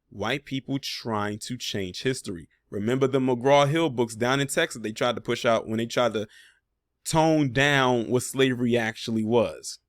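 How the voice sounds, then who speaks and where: A man's voice: mid-range voice, no room sound, studio quality. Sarcastic man reacting to a clip. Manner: conversational, pointed and sarcastic, with frequent fillers. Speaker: commentary video host. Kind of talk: casual reaction commentary.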